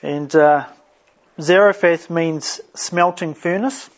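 A man leading a Bible study, reading scripture and explaining it in an unhurried way with frequent restarts. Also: on the high side. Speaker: pastor. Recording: dull lo-fi sound.

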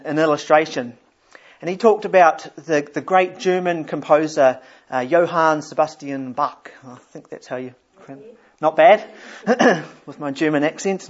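A man preaching a sermon in a conversational way, often repeating words as he thinks. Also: fairly high pitch. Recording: dull lo-fi sound.

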